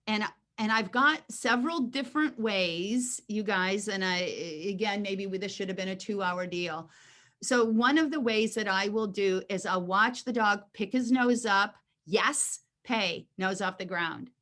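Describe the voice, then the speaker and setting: A woman dog trainer runs a Q&A session over a video call, speaking in a mid-range voice. She is animated, often acting out short exchanges between a dog and its owner, and frequently restarts her sentences as she goes.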